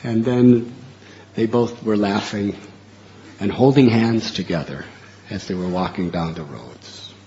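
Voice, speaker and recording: Man, preacher, sermon storytelling, slow delivery, dull muffled recording. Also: fairly low pitch, a little hiss or hum. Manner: animated, laughs while telling story.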